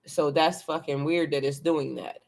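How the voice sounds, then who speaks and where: A tarot reader doing a casual live card reading, excitable and chatty, swearing freely and talking to viewers and a helper. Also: medium pitch, moderate pace. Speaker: tarot reader and spiritual coach.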